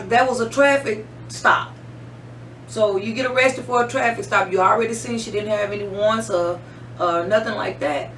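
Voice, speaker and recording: A woman hosting a talk radio show, speaking earnestly and haltingly with many fillers. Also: on the high side, fairly bright tone. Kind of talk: casual talk radio chat. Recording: roomy, distant mic with faint hum.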